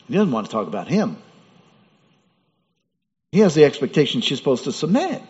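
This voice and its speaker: A man's voice: on the high side, wildly swooping pitch, a little fast, pauses often, darkish tone. A man preaching a sermon as pastor, in a conversational way with rhetorical questions. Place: church. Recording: dull sound with hall reverb.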